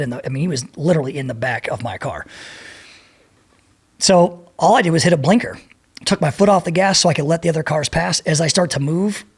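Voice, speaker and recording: Gravelly, husky man telling a story. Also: fairly high pitch. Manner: profane, animated, acts out voices in his anecdote. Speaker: podcast guest. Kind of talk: storytelling in a casual interview.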